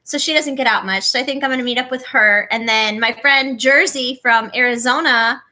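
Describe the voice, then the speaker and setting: Young woman chatting on her tarot livestream, high voice, says hi to everyone by name. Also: a little fast, bright, forceful tone. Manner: chatty, greets viewers by name. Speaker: tarot reader hosting a live stream. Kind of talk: casual live-stream chat.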